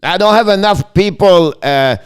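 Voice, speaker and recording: Excitable hockey streamer. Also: male voice, high-pitched, normal speed, clean tone. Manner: excitable, switches between English and French, talks to chat viewers. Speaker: hockey live-stream host. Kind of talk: live play-by-play commentary with chat.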